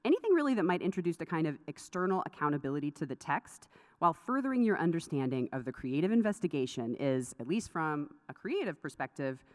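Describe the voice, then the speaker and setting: A woman giving a craft lecture at a conference, chatty and prone to laughing asides. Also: deep voice. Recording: lecture hall with long reverb.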